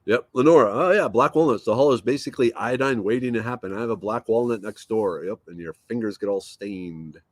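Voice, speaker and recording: A man's voice: lowish voice, brisk, hardly any pauses, no echo. A man hosting a casual livestream, reading viewer comments aloud and rambling easily from home. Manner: rambling, easygoing, thinks aloud with fillers. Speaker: livestream host.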